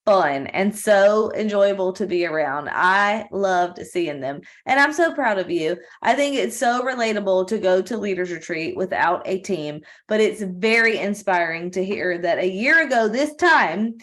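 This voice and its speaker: A woman's voice: medium pitch, expressive, measured pace, hardly any pauses, a bit bright. A woman hosting a company video call, praising and encouraging a speaker in an effusive way.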